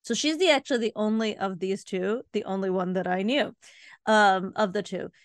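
A podcast co-host, a woman with a mid-range voice and moderate pace, chats casually while telling a rambling story in an agreeable, talkative way. The sound is clean studio audio with no room sound.

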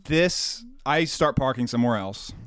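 A man co-hosting a podcast, telling a rambling, animated anecdote full of quoted dialogue. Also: mid-range voice, measured pace, smooth, no room sound. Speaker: podcast co-host. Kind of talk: casual storytelling.

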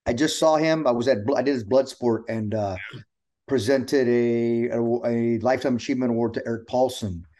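In this casual chat, the middle-aged wrestler guest speaks at normal speed in a mid-range voice. He's an animated storyteller who performs the quotes and voices of the people he describes.

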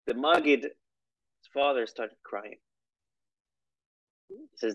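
A man's voice: medium pitch, moderate pace, pauses often, a bit bright, no room sound. Conversational male prayer teacher, muffled. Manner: conversational, storytelling with asides and laughs. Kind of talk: recorded lesson on prayer.

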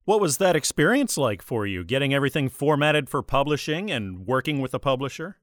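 Lively-voiced male interview host. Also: medium pitch, brisk, no room sound, clean studio sound. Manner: polite, formal announcer-like delivery. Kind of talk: scripted book interview.

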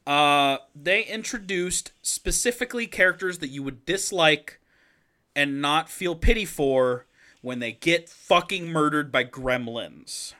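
A man's voice: a little high, expressive, unhurried, pushed and bright. A man co-hosting a podcast, recapping a movie in casual, profane, joking banter and laughing often. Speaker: podcast co-host.

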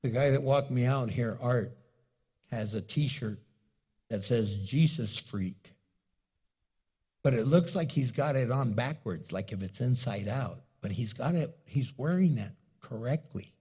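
A middle-aged man preaching a sermon as pastor, animated and acting out little dialogues. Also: mid-range voice, unhurried, husky. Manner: animated, acts out dialogue with the congregation.

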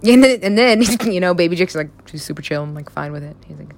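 A woman's voice: on the low side, lively intonation, quick pace. A young woman chatting casually and rambling about stories she has written, laughing often and swearing freely. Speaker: writer describing her own stories.

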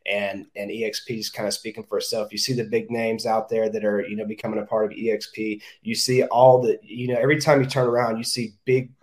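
A man's voice: lowish voice, level tone, fairly quick, hardly any pauses, darkish tone. A man who is a real estate agent, talking as a podcast guest in a direct manner, often repeating words as he thinks aloud. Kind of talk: casual interview talk.

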